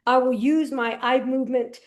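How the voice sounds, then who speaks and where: Woman guest, lively storyteller, high voice, casual slang, acts out conversations. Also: normal speed. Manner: animated storyteller who acts out dialogue. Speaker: podcast guest. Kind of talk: personal testimony in casual conversation.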